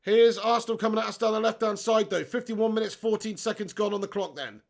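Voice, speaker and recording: A man with a high, fast voice and vocal fry hosts a live football watch-along. He keeps the match commentary and chat casual, joking, swearing, laughing often, and reading the chat aloud.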